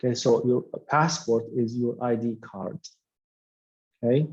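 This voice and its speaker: A man's voice: medium pitch, fairly even intonation, measured pace, a little mellow, lo-fi sound. A man teaching an English lesson, explaining patiently and repeating key words with frequent "okay" fillers. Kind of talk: classroom explanation.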